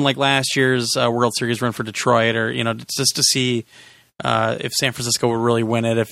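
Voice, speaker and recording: Gravelly guy on a podcast rambling thru a game review, sarcastic, dry close sound. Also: mid-range voice, fairly bright tone, no room sound. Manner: rambling, sarcastic, self-correcting. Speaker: podcast host. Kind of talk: casual game review chat.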